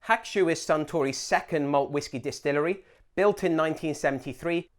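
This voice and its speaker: A man hosting a show, giving a scripted educational narration in a clear, deliberate explainer manner. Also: fairly high pitch. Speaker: host.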